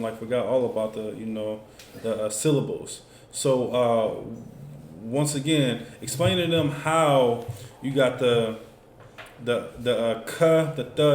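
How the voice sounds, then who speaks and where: A man's voice: medium pitch, darkish tone. Man leading a class, easygoing and rambling, recorded in a reverberant room. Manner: loose, conversational, many fillers like "you know what I'm saying". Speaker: teacher. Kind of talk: casual classroom instruction. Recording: echoey room with faint noise.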